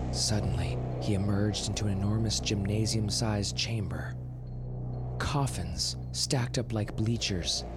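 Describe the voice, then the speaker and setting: A man narrating a horror story in a measured, dramatic way, sometimes dropping to a whisper. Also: fairly low pitch. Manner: measured, dramatic, drops to a whisper for tense moments. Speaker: podcast host and story narrator. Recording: narration over clear music.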